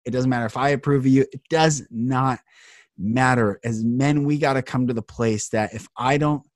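Male podcast host, earnest and impassioned, mid-range pitch, dry recording. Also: fairly even intonation, fast, a little mellow, no room sound. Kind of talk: heartfelt podcast conversation.

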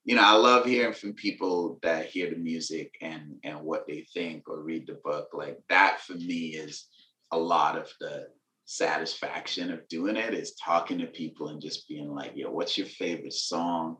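A man with a lilt, a musician and author, chatting casually in an interview with relaxed slang. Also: very deep voice, moderate pace, reverberant. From Venezuela. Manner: relaxed, laid-back slang, laughs between thoughts.

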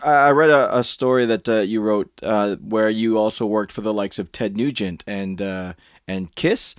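A man's voice: on the low side, moderate pace, clear, resonant tone, no room sound, clean studio sound. New man hosting a chat. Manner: reacts with laughs and short exclamations. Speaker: interviewer. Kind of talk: casual interview.

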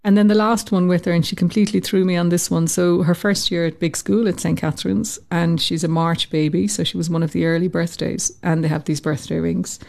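A woman telling a personal story in an interview, lively and acting out the voices she quotes. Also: fairly low pitch, brisk, vocal fry, hardly any pauses. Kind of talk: conversational storytelling.

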